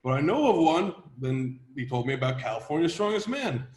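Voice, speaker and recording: A man in his thirties from Latvia, a strongman guest telling his story in a steady, measured way in a casual interview. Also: on the high side. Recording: roomy echo.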